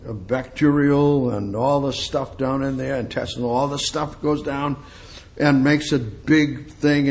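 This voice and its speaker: A man's voice: mid-range voice, darkish tone. A man teaching a bible study sermon, reading verses aloud and then commenting on them with emphatic repetition. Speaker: preacher teaching scripture.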